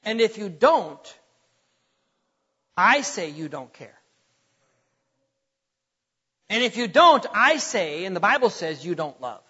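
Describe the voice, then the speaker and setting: A man's voice: high voice, big pitch swings, measured pace, pushed and bright, breathy edge. A middle-aged man preaching a sermon with emphatic, dramatic swings in volume and pace, recorded with dull lo-fi sound and a long hall reverb.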